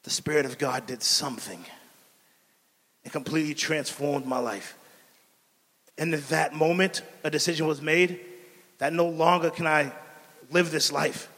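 A man giving a preached personal testimony as a missionary, telling his story earnestly and dropping soft and quiet on key lines. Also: on the high side, measured pace, long pauses, big-room sound.

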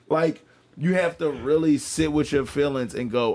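Hoarse man talking openly on a podcast. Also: on the high side, normal speed, a little mellow. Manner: open and reflective, swears freely, repeats words for emphasis. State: hoarse, voice worn out from laughing. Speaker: podcast co-host. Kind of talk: candid casual podcast chat.

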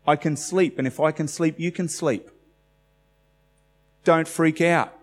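Calm, firm Jesus , as an Australian preacher puts him on, spoken plainly in a sermon with a long hall echo. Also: male voice, on the high side, a little slow, voice pushed up. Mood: assured. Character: calm, assured Jesus speaking.

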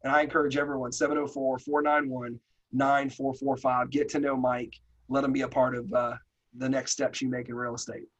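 A man hosting a podcast, telling a motivational story in a folksy, animated way. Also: medium pitch, fairly quick, lo-fi sound. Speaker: podcast host.

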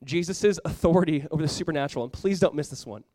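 A male pastor delivers a sermon in an earnest, chatty way, with a voice pitched a little high for a man. He talks quickly and often slips into acting out the reactions of his listeners. The sound is dry and close, with no room echo. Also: darkish tone.

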